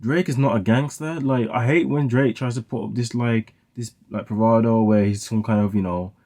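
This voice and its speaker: A man's voice: mid-range voice, fairly even intonation, moderate pace, noisy background. A young man giving casual, rambling commentary on songs he is reacting to, full of "like" fillers. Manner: rambling, heavy use of "like" fillers. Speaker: music reaction host.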